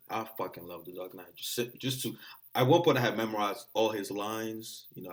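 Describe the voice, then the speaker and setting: Excitable, profane young man. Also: low voice. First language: not English. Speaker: vlogger. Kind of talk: casual chat.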